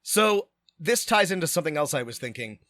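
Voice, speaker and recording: A man co-hosting a podcast, chatting casually and rambling through quick asides while planning a tabletop adventure. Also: a little high, big pitch swings, pushed and bright, no echo, clean studio sound. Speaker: podcast co-host.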